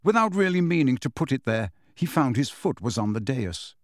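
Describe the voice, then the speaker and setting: A man narrating a storybook in an expressive, measured reading. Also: medium pitch, no room sound, clean studio sound. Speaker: audiobook narrator.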